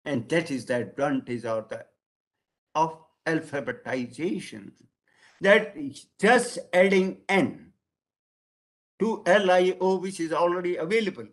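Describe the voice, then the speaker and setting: A man with an Indian English accent giving a lecture, calling his listeners "friends" and stressing key words slowly. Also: on the high side.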